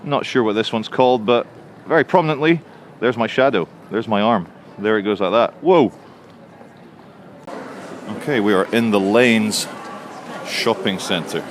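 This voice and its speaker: A man's voice: lowish voice, unhurried, long pauses. A man from England walking through a city with a handheld camera and chatting sardonically about the buildings. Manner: chatty, sardonic, mocking asides. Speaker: vlogger. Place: outdoors on city streets. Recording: outdoor street noise with traffic.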